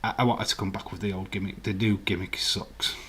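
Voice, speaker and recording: A man's voice: deep voice, level tone, quick pace, fairly bright tone, slight background noise. A man hosting a live stream, chatting casually and rambling while he answers viewer comments and laughs often. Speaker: livestream host. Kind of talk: casual live watch-along chat.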